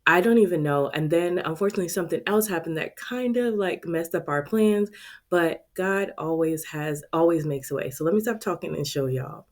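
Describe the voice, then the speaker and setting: A woman, chatting to her viewers in a casual vlog about her budget. Her voice sits low, and she talks in an expressive, friendly way, calling her audience "y'all." She is close to the mic. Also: fairly quick. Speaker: budgeting vlogger and channel host.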